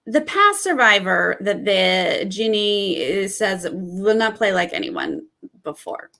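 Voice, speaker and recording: A woman hosts a casual reaction vlog and talks at an unhurried, drawn-out pace with plenty of vocal fry. She reads out cast bios one by one and answers each with a chatty, candid remark. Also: mid-range voice, a bit bright. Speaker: reality TV commentator.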